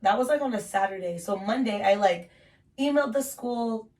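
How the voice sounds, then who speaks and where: A woman's voice: medium pitch, moderate pace, a little mellow, far from the mic. Twenties woman, chatty storyteller who swears casually, recorded a little off-mic. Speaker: podcast host telling her story. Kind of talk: casual podcast chat.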